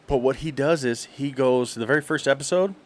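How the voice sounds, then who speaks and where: A man's voice: medium pitch, fairly quick. A man co-hosting a podcast, telling a long story in casual chat and laughing often. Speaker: podcast co-host.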